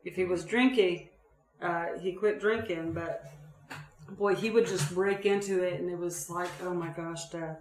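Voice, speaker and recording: A woman from Oregon co-hosting a podcast in casual chat, blunt and quick to swear as she tells stories. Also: on the low side, steady tone, darkish tone. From Oregon, USA. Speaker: podcast co-host. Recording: roomy echo.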